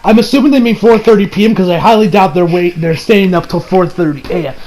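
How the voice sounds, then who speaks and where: A young man giving a casual anime review, excitable and profane, often acting out his own shocked reactions. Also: high-pitched, fast, poor audio. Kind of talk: casual video review rant.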